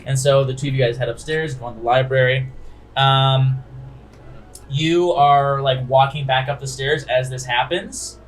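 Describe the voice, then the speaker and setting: A man's voice: mid-range voice, steady tone, measured pace, rough recording. A young man narrating as game master, casual and filled with ums and likes.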